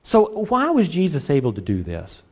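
Middle-aged male pastor, lively sermon delivery, a little high-pitched and very expressive. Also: moderate pace. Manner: animated, jokes and acts out his own prayers.

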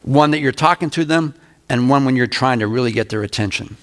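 An older man preaching a verse-by-verse Bible lesson, reading scripture aloud slowly and turning to the congregation with conversational asides. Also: mid-range voice, fairly bright tone. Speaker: pastor. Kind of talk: Bible teaching sermon.

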